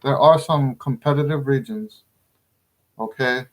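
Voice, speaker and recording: A man's voice: mid-range voice, measured pace. A middle-aged man teaching trumpet in a casual video lesson, chatty and emphatic, laughing often as he explains.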